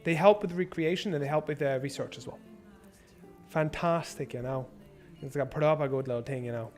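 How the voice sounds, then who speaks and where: A young man streaming a strategy game, swearing and thinking out loud as he plans and shops. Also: on the high side, fairly quick, faint music behind. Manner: profane, rambling, thinks out loud. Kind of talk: casual gameplay livestream commentary.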